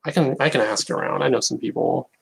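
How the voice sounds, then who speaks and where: A man's voice: fairly low pitch, animated, quick pace, gravelly, slightly rough, low-quality recording. A man chatting casually to viewers on a live stream, rambling and hesitant with many restarts. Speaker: YouTuber.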